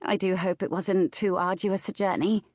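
A woman voicing a nervous young gentlewoman who speaks in a high, chirpy, eager and polite way. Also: steady tone, moderate pace, no echo, studio quality, lightly acted. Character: nervous young gentlewoman trying to sound serene.

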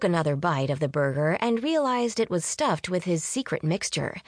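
A woman narrating an audiobook in a calm, measured way. Her voice sits on the low side and stays steady. The recording is close and completely dry. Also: dry recording. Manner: measured, even storytelling. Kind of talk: scripted narration.

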